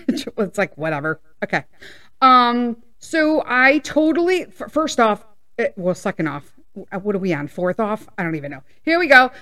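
A woman, hosting a casual personal podcast chat, rambling and laughing and sometimes getting loud. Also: on the high side, very animated, normal speed. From Midwest US. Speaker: podcast host.

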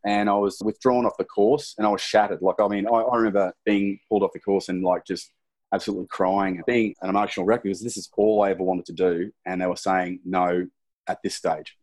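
Laid-back Australian man telling his story. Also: on the low side. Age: middle-aged. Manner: relaxed, rambling, sprinkled with "you know" and "sort of". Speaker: guest, former soldier. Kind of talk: casual interview storytelling.

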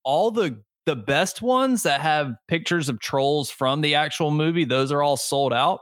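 A man's voice: on the high side, animated, a little slow, a bit bright, no echo, studio quality. A man co-hosting a podcast, chatting in a laid-back way with frequent fillers. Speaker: podcast host. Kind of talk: casual chat.

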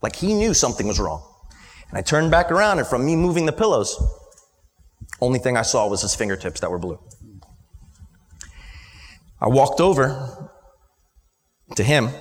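A man's voice: medium pitch, big pitch swings, moderate pace, pauses often. Man in his late 20s telling a story. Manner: emotional, stutters at moments. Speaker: guest, business owner. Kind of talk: emotional personal storytelling at a live talk. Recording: long hall reverb from a live event.

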